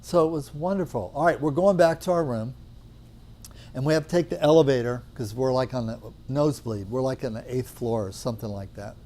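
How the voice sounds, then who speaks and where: Mellow-voiced middle-aged man telling a story. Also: medium pitch, brisk. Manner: chatty, acts out dialogue, many fillers. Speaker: natural medicine teacher. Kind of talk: anecdotal storytelling to a class.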